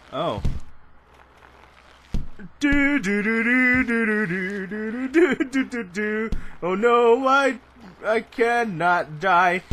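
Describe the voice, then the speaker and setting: A young man doing let's play commentary, excitable and laughing, shouting in bursts. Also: high voice. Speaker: gaming channel host.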